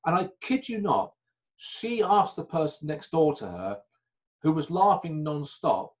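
A man telling anecdotes as an interview guest. He talks in a halting way and corrects himself often, over a video call. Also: fairly high pitch, animated, darkish tone, muffled recording. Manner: chatty raconteur, halting and self-correcting. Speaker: magician guest.

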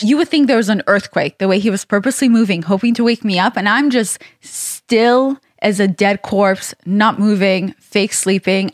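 Young woman podcast host telling a funny story, lots of laughs, super expressive, dry close mic. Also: medium pitch, no echo. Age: young adult. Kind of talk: casual storytelling chat.

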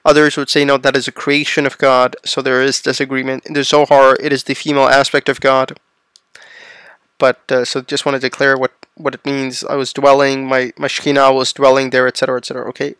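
A man's voice: mid-range voice, fairly bright tone, clear, resonant tone, dry recording. A man reading a religious text aloud and explaining it in plain asides, checking in with the listener as he goes. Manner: reads passages aloud, then adds plain explanatory asides; checks in with the listener using "right?" and "okay?". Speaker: religious lecturer.

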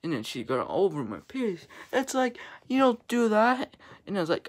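A woman's voice: mid-range voice, sing-song, moderate pace, slight background noise. A young woman venting in a vlog, annoyed and ranting, with frequent swearing. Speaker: vlogger.

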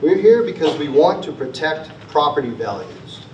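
A man's voice: on the high side, expressive, moderate pace, darkish tone, slight background noise. A man giving a heartfelt prepared presentation to a town meeting, repeating rallying phrases. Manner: earnest, repetitive rallying phrases. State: choked up with emotion at times. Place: school auditorium. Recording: roomy, distant, dull auditorium recording.

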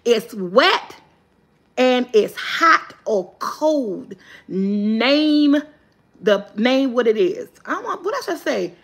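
A woman hosting a live guessing game, reading clues slowly and cheering loudly when viewers answer right. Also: on the high side, sing-song. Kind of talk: casual live-stream chat.

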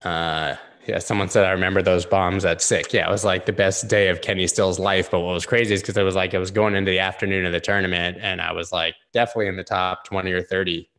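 A man with a low, gravelly voice that has a bright edge hosts a casual live stream of chart analysis. He talks loosely and rambles, with lots of "like" and easy swearing. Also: steady tone, quick pace, hardly any pauses. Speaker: host.

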